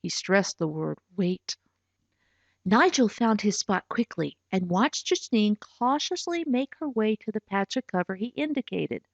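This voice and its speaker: Woman author reading her storybook, lively pitch; dry, dull recording. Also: no room sound. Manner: expressive storytelling, voices for characters. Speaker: author and narrator. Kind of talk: scripted audiobook narration.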